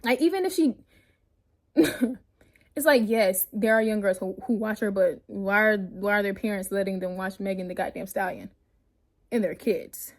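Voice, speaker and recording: A woman's voice: mid-range voice, a little slow. A woman vlogger reading her own notes aloud in a casual rant, blunt and profane, often breaking into laughter.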